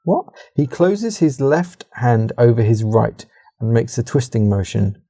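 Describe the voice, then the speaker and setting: A man co-hosting a casual podcast reads an interactive story aloud, often breaking off to laugh, swear and comment. His voice is mellow and dark, at a middling pitch. It is recorded dry and close on a podcast mic. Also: measured pace, dry recording.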